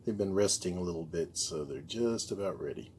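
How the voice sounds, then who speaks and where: Man, very low voice, home cook, casual cooking demo, easygoing, home kitchen. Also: lively intonation, a little fast, a little mellow, a little hiss or hum. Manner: easygoing, keeps calling the food beautiful.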